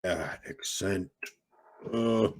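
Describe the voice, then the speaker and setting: A man's voice: deep voice, extremely slow. Rambling man chatting on a livestream. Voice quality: rambling, many ums and uhs. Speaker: livestream host. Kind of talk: casual livestream chat. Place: home streaming setup in California. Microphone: desk microphone with keyboard behind it.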